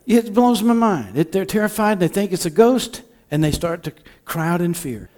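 High-voiced impassioned male pastor. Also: lively intonation, moderate pace. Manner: impassioned, swings between hushed and loud. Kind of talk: sermon.

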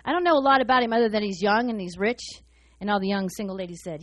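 A woman preaching a sermon in a fast, excited, humorous way. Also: mid-range voice.

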